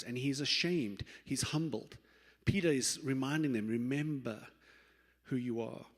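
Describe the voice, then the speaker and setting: Middle-aged guy preaching, mid pitch, acts out the voices, long church hall echo. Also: a little slow. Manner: lively storytelling, acts out quoted voices, self-correcting restarts. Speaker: pastor. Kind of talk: sermon. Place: church sanctuary.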